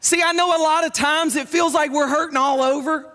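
A man preaching a sermon as pastor, telling stories in lively quick bursts. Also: very high voice. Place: church sanctuary. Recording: long reverb in a church hall with faint music.

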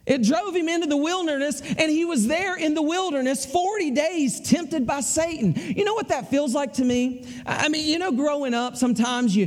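A man's voice: very high-pitched, a little mellow, in a large hall. A man with a Southern US accent preaching a sermon in a folksy, conversational way, repeating his phrases. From American South.

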